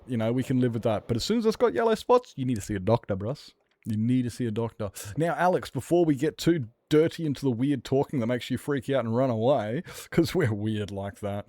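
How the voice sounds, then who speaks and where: A man's voice: mid-range voice, warm tone, dry recording. Jokey, rambling male game streamer. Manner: rambling, jokey, laughs often. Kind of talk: casual gaming stream chat.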